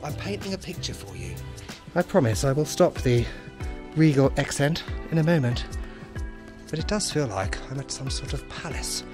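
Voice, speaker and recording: A man voicing a pompous upper-class English gentleman in a put-on regal accent, with an affected mock-grand drawl, outdoors. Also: on the high side, big pitch swings, normal speed, over music. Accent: put-on posh English. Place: outdoors in a spa town street.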